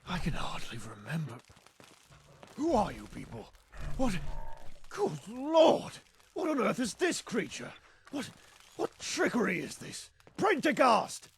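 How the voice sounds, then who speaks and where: A man's voice: normal speed, pauses often, a little hiss or hum. A man voicing a pompous, formal male professor in a video game, just woken after centuries of sleep. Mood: bewildered. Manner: indignant and formal, lively pitch swings.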